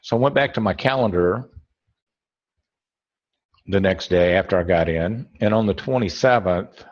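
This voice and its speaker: A man's voice: low voice, normal speed. Rambling man teaching trading, muffled audio. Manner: rambling, self-correcting, thinking aloud. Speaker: trading webinar instructor. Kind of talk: screen-share trading tutorial.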